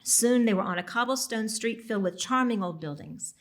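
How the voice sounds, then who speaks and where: A woman author reading her own novel aloud at a library event, steady, with the odd slip and apology. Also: fairly high pitch, a little fast.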